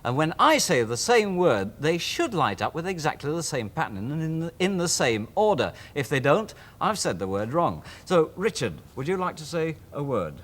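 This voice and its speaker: A man's voice: fairly high pitch, very animated, moderate pace, few pauses. A man with a Yorkshire accent presenting a children's TV show, chatty and explaining things step by step.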